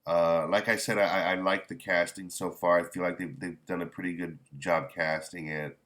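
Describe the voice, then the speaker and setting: A man chatting casually as a manga reviewer, rambling and halting, with candid, mildly profane remarks. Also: deep voice, steady tone, a bit bright. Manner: rambling, halting with many restarts. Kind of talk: casual chat.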